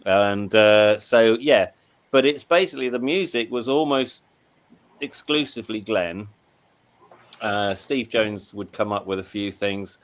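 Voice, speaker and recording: A man with a fairly low voice reads questions from the chat and answers at length. He explains in detail and rambles a little. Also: measured pace. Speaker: co-host reading the chat. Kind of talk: casual chat.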